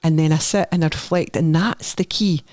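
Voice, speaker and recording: A middle-aged woman with a Scottish accent, a nurse therapist talking as a guest on a podcast, chatty and animated as she tells her story. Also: deep voice, a little fast, no echo, clean studio sound. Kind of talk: candid podcast conversation.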